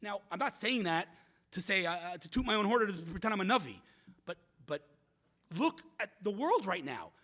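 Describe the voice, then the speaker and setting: A middle-aged man giving a speech at a community event, telling stories in an animated way, with frequent restarts and repeated words. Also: high voice, moderate pace. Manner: animated storyteller who acts out quoted voices. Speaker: guest speaker.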